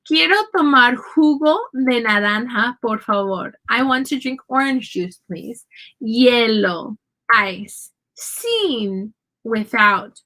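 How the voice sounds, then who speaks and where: A woman's voice: a little high, pushed and bright, low-quality recording. A woman teaching a casual Spanish lesson from home, saying Spanish phrases and their English meanings in a chatty, patient way. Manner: chatty, explains slowly, switches between Spanish and English phrases.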